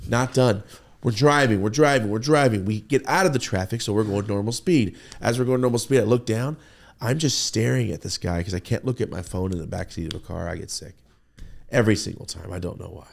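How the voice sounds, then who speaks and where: Man, husky voice, lower pitch, animated profane storytelling. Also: brisk. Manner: profane, excitable, acts out his own reactions. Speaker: podcast host telling a story.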